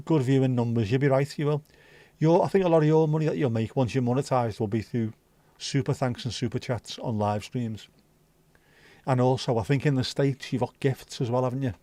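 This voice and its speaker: Scouse male streamer, warm low-key tone, dry close sound, rambling casual chat. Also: normal speed, no echo. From Liverpool, England. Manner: chatty, rambling, swears freely. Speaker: livestream host.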